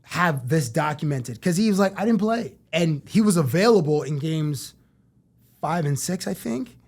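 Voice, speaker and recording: A middle-aged man from Canada, a sports TV personality, telling lively stories as a guest in a casual interview and acting out what people said. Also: a little high, moderate pace, vocal fry. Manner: animated storyteller who acts out quotes.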